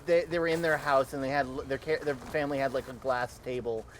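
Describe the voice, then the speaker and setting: A man's voice: mid-range voice, steady tone, fast, a little hiss or hum. A man chatting casually with friends during a game stream, rambling and laughing through stories. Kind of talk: casual gaming chat.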